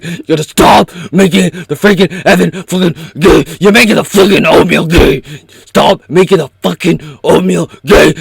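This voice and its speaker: A man's voice: fairly high pitch, creaky. A man putting on the voice of a frantic man losing his mind, screaming and crying out in hysterics.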